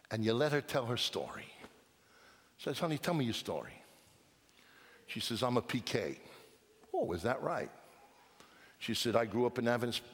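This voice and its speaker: Preacher in a big echoing hall. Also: male voice, medium pitch. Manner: storytelling, swings from hushed to emphatic. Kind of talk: sermon. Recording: long reverb of a large hall.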